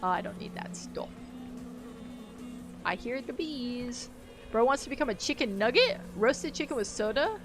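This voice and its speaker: A woman's voice: a little high, very animated, normal speed, pauses often, music in the background. A woman chatting casually on a game live stream, rambling, laughing often and reacting aloud to the game. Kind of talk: casual live-stream chat while gaming.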